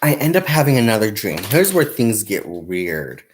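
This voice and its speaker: A young man chats through a crafting livestream at normal speed, his pitch rising and falling in lively swings as he crochets. He rambles, laughs often, counts stitches aloud, and calls viewers "you guys" and "y'all." A little hiss or hum is audible.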